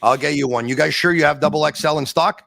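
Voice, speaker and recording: A man hosting a sports talk podcast, speaking emphatically with dramatic build-ups and quick asides. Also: on the high side, creaky, fairly bright tone, no echo. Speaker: podcast host.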